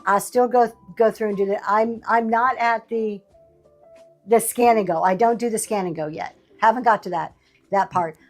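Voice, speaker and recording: A woman's voice: medium pitch, moderate pace, soft background music. A middle-aged woman hosting a livestream sale, chatting casually with a sassy, laughing manner. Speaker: livestream seller host. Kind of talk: casual chat.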